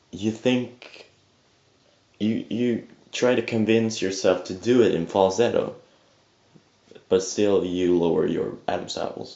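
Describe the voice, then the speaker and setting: A young man with a low, unhurried voice explains growl technique in a loose, rambling way, stopping often to restart his sentences. He has just woken up. His camera mic gives a dull, roomy sound. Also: darkish tone. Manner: rambling, hesitant, many fillers and restarts, swears casually. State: just woke up. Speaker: vocal tutor. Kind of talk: casual webcam tutorial. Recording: echoey lo-fi home webcam audio.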